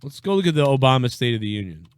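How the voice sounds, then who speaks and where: A man's voice: medium pitch, sing-song, very fast, clean tone, dry recording. A young man hosting a live reaction stream, talking bluntly and sarcastically, with plenty of swearing. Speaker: live-stream show host. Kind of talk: casual political reaction stream.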